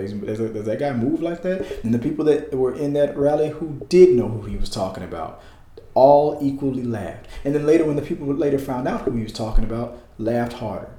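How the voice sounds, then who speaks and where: A man's voice: mid-range voice, expressive, fairly quick, warm tone, reverberant. A man talking in a casual, heated political rant, emphatic and repetitive, with frequent restarts. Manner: heated, emphatic, repeats himself, restarts often.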